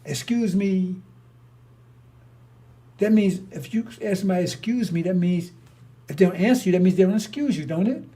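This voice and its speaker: A man's voice: high voice, quick pace, dark tone. An older man telling stories in a rambling monologue, blunt and confrontational, with frequent restarts and cursing. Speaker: storyteller.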